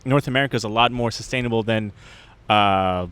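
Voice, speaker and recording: Brief: young male comedy podcaster, relaxed and chatty, dead-dry mic sound. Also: lowish voice, fairly quick, smooth, dry recording. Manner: laid-back, laughs often, explains things. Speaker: podcast co-host. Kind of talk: casual comedy podcast chat.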